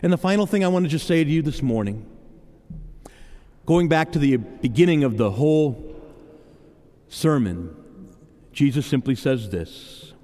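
A middle-aged man preaching from the pulpit in a church, his high voice rising and falling with lively swings. He speaks earnestly and personally, stammering and restarting as he testifies. The sound rings out with a long reverb through the hall. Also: a little slow, pauses often. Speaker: pastor. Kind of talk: sermon.

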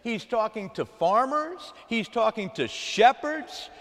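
A man preaches to his church with a high, animated voice that swings up and down, drawing the congregation into call-and-response. His voice carries a long reverb from the hall. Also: slow pace. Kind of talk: sermon.

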